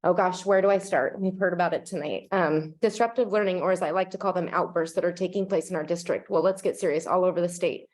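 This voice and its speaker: A woman's voice: lowish voice, fast, few pauses, a little mellow. A woman, a parent, reading an earnest public comment to a school board while holding back tears. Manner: earnest and urgent. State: near tears, watery-eyed. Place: public meeting room.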